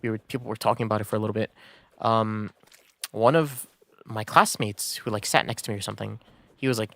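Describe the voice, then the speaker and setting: A man's voice: fairly low pitch, steady tone, fast, vocal fry, a bit bright, no echo. A man streaming a game, telling a story in a casual, rambling way with many fillers and restarts. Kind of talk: casual storytelling while gaming.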